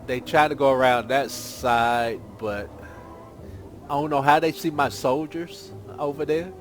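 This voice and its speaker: A man's voice: mid-range voice, fairly even intonation, a little slow. A man giving casual, rambling gameplay commentary as a gaming channel host, thinking aloud as he plays. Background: game music.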